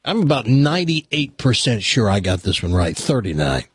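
A man's voice: mid-range voice, sing-song, normal speed, breathy edge, no room sound. A male radio host chatting casually, a rambling storyteller in the studio.

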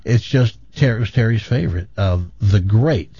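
A man's voice: on the low side, normal speed, breathy edge, no room sound. A male radio host telling a long joke, acting out the characters as he goes. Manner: animated storyteller, acts out characters. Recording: dull lo-fi radio broadcast.

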